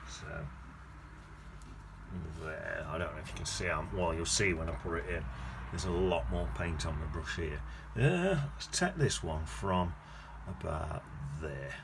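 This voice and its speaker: A man's voice: low-pitched, expressive, measured pace, vocal fry. A man teaching watercolour, chatting casually and thinking aloud as he paints, often correcting himself. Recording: noticeable background noise.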